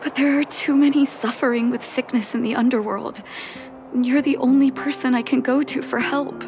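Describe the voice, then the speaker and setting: An actress voicing a calm, caring young woman doctor in a game cutscene, speaking in a measured way. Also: high voice, soft background music. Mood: earnest, warm. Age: young adult.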